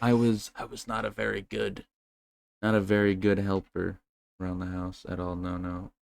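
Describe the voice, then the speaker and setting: A man's voice: low voice, normal speed, vocal fry. A man co-hosting a podcast, telling rambling, profane stories in casual chat. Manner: rambling, profane, animated storytelling. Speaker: podcast co-host.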